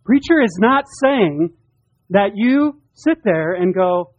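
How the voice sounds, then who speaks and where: A man's voice: high voice, lively intonation, slow, no echo. A man preaching a sermon, earnest and emphatic, often repeating his words as he presses a point. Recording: dull, dry lo-fi sound.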